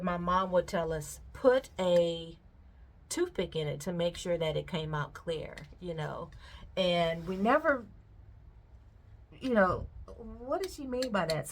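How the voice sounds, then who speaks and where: A middle-aged woman, chatting casually and laughing as she reminisces while she works on a craft. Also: lowish voice. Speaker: vlogger. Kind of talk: casual chat while pouring paint.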